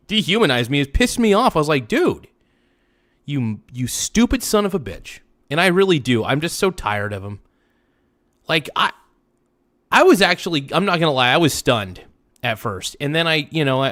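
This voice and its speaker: A man streaming live, venting angrily at a friend, swearing, repeating himself and swinging from low mutters to sudden outbursts. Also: fairly bright tone. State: upset. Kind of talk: angry live-stream rant.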